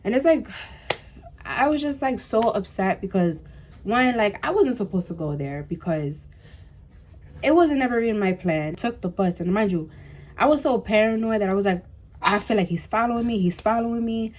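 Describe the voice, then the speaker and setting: A young woman vlogger telling a storytime tale in an animated way, full of "like" and "bro" and emphatic repeats. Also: mid-range voice, normal speed. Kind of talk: storytime vlog.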